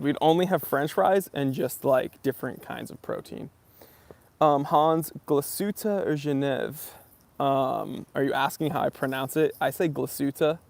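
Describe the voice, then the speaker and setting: A man's voice: medium pitch, gravelly, darkish tone. A young American man hosting a watch channel livestream, casually chatting and answering viewer comments in a laid-back, bro-ish way. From United States.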